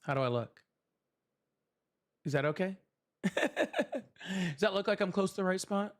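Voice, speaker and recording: With a high-pitched voice and a slightly slow delivery, a young livestream host chats casually with his viewers, thanks them, and laughs a lot.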